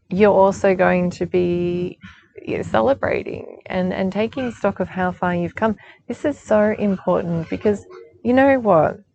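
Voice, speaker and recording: A woman's voice: lowish voice, vocal fry, darkish tone, a little hiss or hum, poor audio. A woman giving a chatty spiritual guidance talk outdoors, reassuring and laughing often. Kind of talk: casual spiritual forecast talk.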